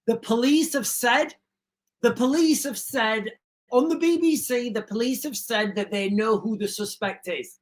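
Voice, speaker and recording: A livestream host whose voice sits a little high reads breaking news aloud at a measured pace. She often pauses to offer personal opinions, chatting straight to her audience and calling them "guys," all through a streaming setup mic.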